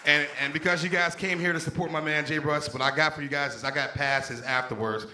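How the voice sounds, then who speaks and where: Male stand-up comedian, profane crowd-work banter, slightly high voice, echoey small club, loud audience behind. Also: fairly even intonation, a little fast. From Pittsburgh. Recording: echoey room with crowd noise.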